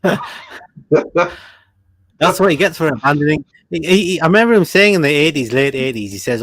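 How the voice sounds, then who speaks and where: A man's voice: a little high, animated, moderate pace, long pauses, fairly bright tone, no echo. A man hosting a casual live chat, easygoing and laughing along as he runs through a list. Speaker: host.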